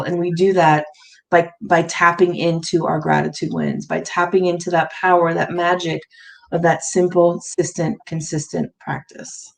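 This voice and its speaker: A woman's voice: on the low side, little pitch movement, moderate pace, creaky, low-quality recording. A woman being interviewed, chatting and telling family stories with frequent laughter. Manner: warm storytelling, laughs often. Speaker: guest. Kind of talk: casual interview conversation.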